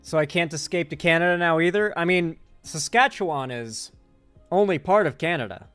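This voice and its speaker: A man's voice: on the high side, moderate pace, fairly bright tone, clear, resonant tone, no echo, faint music behind. A young man hosting a political stream, reading chat and rambling casually with restarts.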